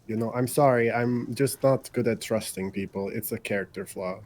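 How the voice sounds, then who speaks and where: A man's voice: fairly low pitch, moderate pace, darkish tone. A man playing a tabletop game, talking in character in a hesitant, sarcastic way. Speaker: player.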